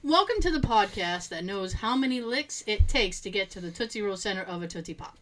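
A podcast co-host chats casually and tells stories with animation, swearing freely and laughing often. She has a medium-pitched voice, talks a little fast, and faint music plays behind her.

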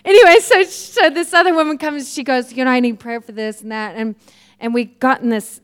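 A woman preaching a sermon, telling personal stories in a lively way and laughing often. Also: high-pitched, brisk, smooth. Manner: lively storytelling, laughs often, acts out quoted voices. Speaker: guest preacher.

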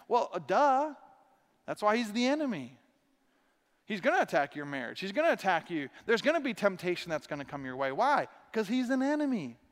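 A pastor preaching a sermon to his congregation, animated and acting out the voices of the people he quotes. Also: sits high, smooth. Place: large church hall. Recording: long reverb of a large hall.

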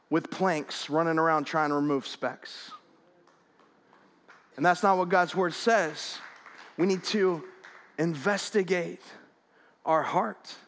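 A man with a high voice delivers a sermon from a church sanctuary, telling stories with humor and frequent restarts. The sound carries a long hall reverb around him. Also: a bit bright. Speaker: pastor.

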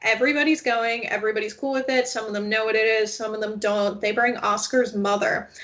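A woman co-hosting a casual chat show, telling stories in an animated way and quoting people as she goes. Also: a little high, brisk. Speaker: podcast co-host. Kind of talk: casual chat about reality TV.

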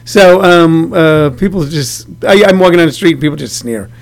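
A man's voice: on the high side, normal speed, vocal fry. A man in his sixties, a stand-up comedian, chatting in an interview and telling rambling anecdotes in a storyteller's way. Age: 60s. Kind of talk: casual interview chat.

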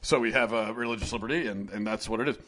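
A man voicing a low, droning, evasive politician who keeps circling the same phrase. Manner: monotone, halting, circular phrasing. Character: evasive middle-aged male politician, repetitive and droning.

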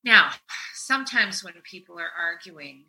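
A middle-aged woman talks casually as a podcast host with a therapist's ease. Her voice is very bright and lively in pitch. She tells stories animatedly, getting loud, then dropping to a hush. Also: unhurried, a little hiss or hum, poor audio. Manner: animated storytelling, swings from loud to hushed.

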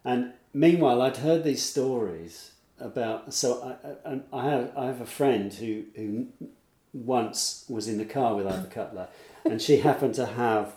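A man's voice: medium pitch, a little slow, warm tone. A man telling a meandering story in casual chat, with many restarts. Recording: roomy echo.

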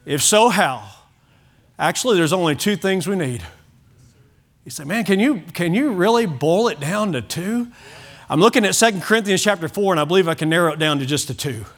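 A man's voice: high voice, expressive, fairly quick. A man preaching a sermon at a church service, emphatic and repeating key phrases for weight.

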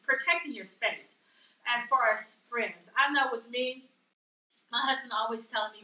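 A woman hosting a casual chat among friends, talking fast and emphatically and often talking over the others. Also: on the high side, lively intonation, bright, forceful tone, roomy sound, distant mic, rough recording. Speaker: host.

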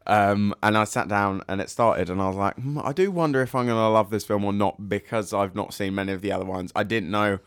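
A man co-hosting a podcast, loud and jokey, rambling in casual chat. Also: lowish voice, fairly quick, hardly any pauses, clear, resonant tone, dry recording. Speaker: podcast co-host. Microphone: close podcast mic.

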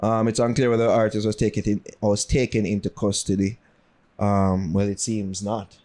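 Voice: low voice, level tone, normal speed, warm tone. A podcast co-host, moving between laughing casual chat and reading out news items. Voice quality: Jamaican patois mixed into talk, laughs often.

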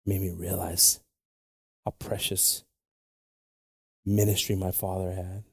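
A man preaching a bilingual sermon with passion, dropping to hushed whispers and rising to shouts. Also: sits low, level tone, measured pace, creaky, breathy edge, no echo, studio quality.

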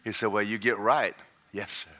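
A male pastor preaching a sermon, swinging from folksy joking asides to shouted, singsong climaxes. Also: lowish voice, little pitch movement, moderate pace.

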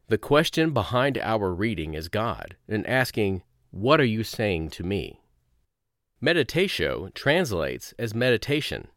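A man reading a devotional lesson aloud in a slow, reflective way with measured pauses. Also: lowish voice, a bit bright, no room sound, clean studio sound. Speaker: course narrator.

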